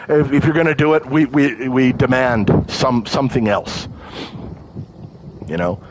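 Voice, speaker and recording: A man's voice: mid-range voice, unhurried, background noise. A man hosting a livestream, ranting about politics in a heated, profane and emotional way, often stumbling over his words as he restarts. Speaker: livestream host. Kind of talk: live political rant.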